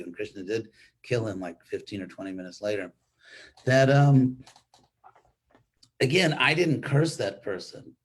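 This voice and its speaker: Older man giving a husky, rambling sermon. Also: medium pitch. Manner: conversational, rambling, with restarts and wry humor. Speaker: spiritual teacher giving a class. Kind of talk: informal sermon with storytelling. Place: online class stream.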